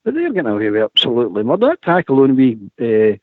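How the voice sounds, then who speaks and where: A Scottish man co-hosting a football fan phone-in, talking with indignant, animated conviction. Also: medium pitch, fast talker, dry recording. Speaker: radio co-host. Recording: dry, phone-like radio sound.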